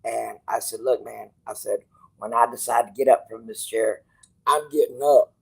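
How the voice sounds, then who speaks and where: Gravelly and husky, a medium-pitched male voice holds a steady tone at normal speed over poor audio. He's a channel host sharing a personal story with viewers, casually drifting off topic, restarting, quoting people, and swearing without restraint.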